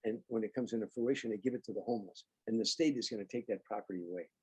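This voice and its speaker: Older male comic guest, husky timbre, spins anecdotes with voiced dialogue. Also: on the low side, racing. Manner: animated anecdotes, acts out quoted dialogue. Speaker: guest comedian. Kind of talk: storytelling interview.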